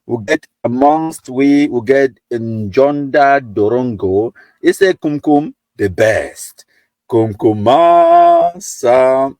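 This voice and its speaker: A man's voice: medium pitch, darkish tone, no room sound. A Cameroonian man hosting a live stream, reading viewer comments aloud in a chatty mix of Pidgin and English.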